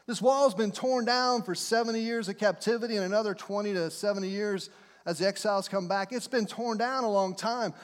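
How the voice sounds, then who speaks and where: A man's voice: sits high, fairly even intonation, brisk, long reverb tail. A middle-aged man preaching a sermon as a pastor, telling stories in a folksy, plain way. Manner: folksy storytelling, plain speech.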